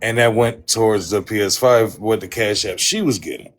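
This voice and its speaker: A man's fairly low voice moves at a moderate pace as he hosts an angry livestream rant. He tells his version of an online feud, cursing heavily and repeating himself in a heated manner.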